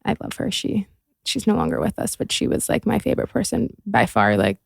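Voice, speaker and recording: A woman's voice: mid-range voice, big pitch swings, a little fast, vocal fry, no room sound, studio quality. A young adult woman chatting as a podcast guest, talkative and full of fillers like "like" and "um". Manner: chatty, filler-heavy, giggly. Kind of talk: casual chat.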